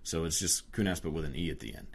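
Deep-voiced man, crude rambling rant. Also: lively intonation, quick pace, gravelly, husky. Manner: crude, profane, rambling with many fillers. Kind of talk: casual rant.

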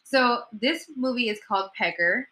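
Co-host, female; chatty, giggly, very bright, slightly high voice. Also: moderate pace. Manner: giggly, chatty, laughs often. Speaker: co-host of a live movie chat stream. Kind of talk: casual live-stream chat.

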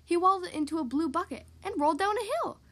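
A woman with a high, lively voice reading a picture book aloud to young kids. Her pitch rises and falls a lot as she tells the story, bright and expressive the whole way through. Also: fast talker. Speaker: podcast host reading to kids.

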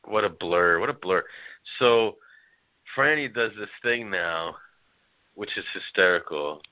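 A low-voiced man with a smooth sound and measured pace tells family stories as a podcast guest, rambling and laughing with a storyteller's liveliness in a casual chat. The recording is dry and lo-fi.

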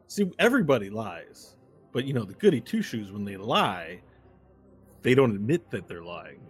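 A man's voice: fairly low pitch, big pitch swings, moderate pace, faint music behind. Brief: man voicing a sly devilish immortal, chatty, a little drunk, tabletop game. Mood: boastful. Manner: chatty, rambling, tipsy. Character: boastful immortal male devilish barfly.

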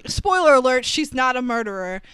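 A young woman casually recapping a film on a podcast, animated and full of "like" fillers. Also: sits high, a little fast, clear, resonant tone, dry recording. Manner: chatty, animated storytelling with many "like" fillers and laughs. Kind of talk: casual chat.

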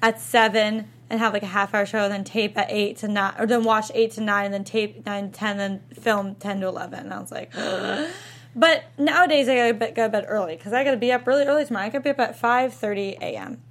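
A woman's voice: mid-range voice, quick pace, few pauses. A young woman co-host, bubbly and rambling, full of repeated likes. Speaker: podcast co-host. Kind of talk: casual storytelling.

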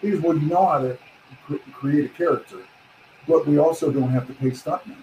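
A man's voice: a little high, fairly quick, reverberant, slight background noise, low-quality recording. A man, a guest on a chat show, telling stories casually and acting out what others said. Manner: animated storyteller, acts out quotes, swears casually. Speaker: guest, pro wrestler.

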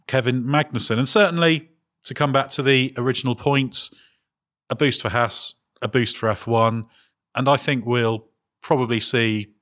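A man with a lower-pitched, bright voice hosting a casual motorsport podcast. He talks in a measured, hedging way and drops in wry little chuckles. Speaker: podcast host. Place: on location.

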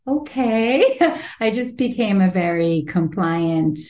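A woman guest and author telling a personal story in an interview, animated, laughing often and acting out the voices she quotes. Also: medium pitch, slow, reverberant.

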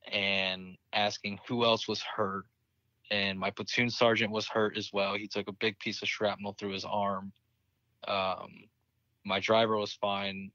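A man's voice: fairly low pitch, sharp tone, dry recording, muffled recording. A young man, a military veteran, candidly telling a war story in casual conversation, swearing freely and laughing at grim moments. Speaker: interview guest, military veteran.

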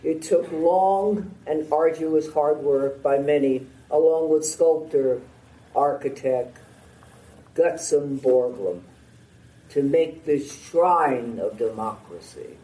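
An older man giving a formal, heartfelt prepared speech at a memorial ceremony, in a slow and measured way. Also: a little high, dark tone, echoey room, far from the mic, rough recording.

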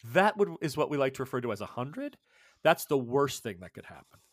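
A man narrating a tabletop horror game as game master, with dramatic, animated delivery. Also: mid-range voice, brisk, no room sound, clean studio sound.

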